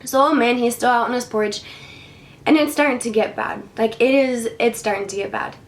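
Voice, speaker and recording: A woman's voice: a little high, moderate pace. A woman vlogger telling a story and giving spiritual advice in a casual, slangy, rambling way. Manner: slangy, rambling with many fillers. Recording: roomy echo.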